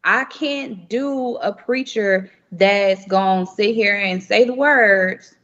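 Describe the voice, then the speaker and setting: A woman's voice: medium pitch, slow pace, fairly bright tone. A young woman talking candidly and emphatically in a casual chat, often laughing. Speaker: podcast guest. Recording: muffled remote audio with long reverb.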